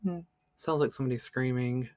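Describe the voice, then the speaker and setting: A man hosting a podcast, telling a true crime story in a relaxed, casual way with lots of "like" and "um". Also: mid-range voice, fairly quick, raised voice, heavy background noise. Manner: relaxed, peppered with "like" and "um". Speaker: podcast host.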